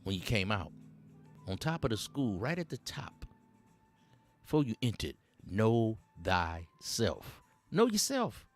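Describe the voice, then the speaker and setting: A man's voice: fairly low pitch, lively intonation, normal speed, pauses often, soft background music. A man hosting a satirical dating-advice monologue, talking in streetwise slang and rambling like a preacher, chuckling between his points. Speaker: host.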